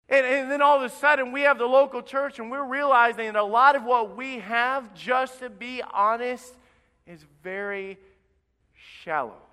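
A male pastor preaching with a high, bright, clear voice that rings out. He acts out the voices he quotes as he goes. The sermon is heard in a church with a long, echoing reverb.

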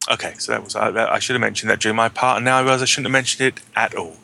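A man's voice: lowish voice, steady tone, very fast, gravelly, sharp tone. A man hosting a casual gaming podcast, rambling and correcting himself with a wry tone. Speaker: podcast host.

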